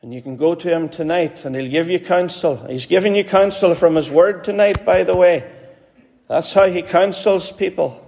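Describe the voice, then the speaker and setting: A man's voice: high voice, normal speed, creaky, a little mellow. A man with a Northern Irish accent preaching a sermon in an earnest, pleading way, repeating phrases for emphasis. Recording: hall reverb.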